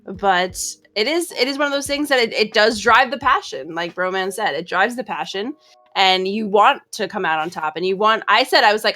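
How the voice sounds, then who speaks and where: A woman's voice: mid-range voice, expressive, normal speed, pushed and bright, soft background music. A woman guesting on a casual podcast chat, rambling and hesitant with plenty of fillers. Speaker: streamer guest.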